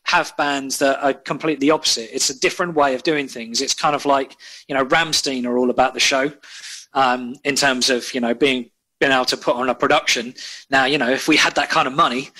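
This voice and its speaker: A man, a band member telling animated, rambling stories with frequent laughs in a casual interview. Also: mid-range voice.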